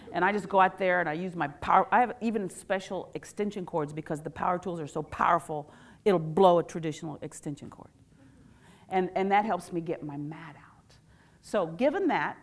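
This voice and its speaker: A woman presenting a workshop to a live audience, playful and animated, asking questions and pulling the room in. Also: lowish voice. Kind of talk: lively talk to a live audience.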